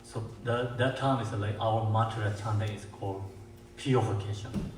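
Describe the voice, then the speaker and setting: A man with as his language gives a dharma teaching as a Buddhist teacher. He talks haltingly, with many fillers and restarts, and slows down to chant mantras. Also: fairly low pitch, steady tone. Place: meditation centre hall. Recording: echoey room, mic far off, faint hiss.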